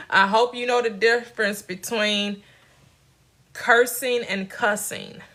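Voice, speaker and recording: A woman's voice: fairly high pitch, pushed and bright. A middle-aged woman hosting a casual motivational talk, emphatic and direct, laughing often between her points. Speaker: motivational channel host.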